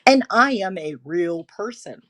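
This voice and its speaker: Woman streamer, lively swooping pitch, slow unhurried pace, casual chat with viewers. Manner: animated, drawn-out, talks to chat; reads documents aloud.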